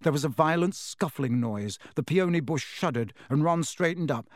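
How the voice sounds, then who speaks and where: A man narrating a children's storybook in a steady, clear reading voice. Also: on the high side, moderate pace, no room sound, clean studio sound. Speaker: audiobook narrator.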